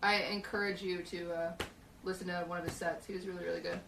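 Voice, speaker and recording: A woman's voice: on the low side, flat delivery, quick pace, creaky, roomy sound, far from the mic, noisy background. A young woman streamer telling a long story in casual chat, full of "like" and restarts, acting out what people said. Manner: rambling, lots of "like" and restarts, acts out quotes. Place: small hot shed studio.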